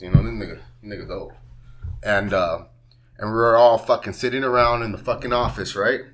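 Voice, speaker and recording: A man telling a rambling, profane story in a casual podcast chat, often laughing as he talks. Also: on the low side. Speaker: podcast co-host.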